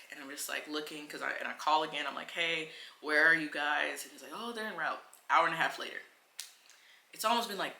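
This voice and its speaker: A woman vlogger telling a personal story in a casual, animated way, full of filler words. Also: low voice, reverberant. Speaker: travel vlogger.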